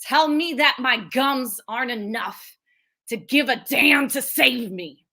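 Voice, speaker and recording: A woman slam poet performing spoken word in a measured, intense, lyrical way over a video call. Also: high voice, bright, forceful tone.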